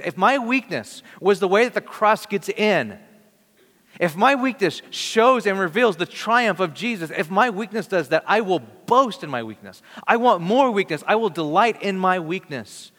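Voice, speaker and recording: A man preaching a sermon in an earnest, conversational way, with dramatic pauses. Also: high-pitched, a bit bright. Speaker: pastor. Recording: long reverb of a large hall.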